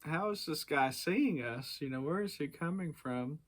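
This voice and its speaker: A man voicing two mischievous, mean boys, sounding excited and bratty. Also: a little high, normal speed.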